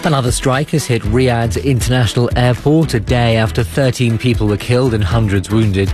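A man presenting radio news headlines in a brisk, upbeat way. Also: medium pitch, a little mellow, faint music behind. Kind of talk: headline reading over music.

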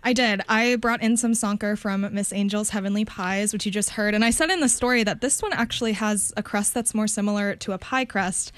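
A woman radio reporter narrating a local news feature in a clear, measured delivery. She is recorded dry and close on a studio microphone. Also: mid-range voice, no echo.

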